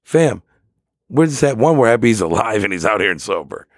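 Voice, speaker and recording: A man's voice: lowish voice, sing-song, moderate pace, dry recording, studio quality. A man co-hosting a podcast in casual comedic chat, joking and profane, riffing into mock poetry and silly voices. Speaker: podcast co-host.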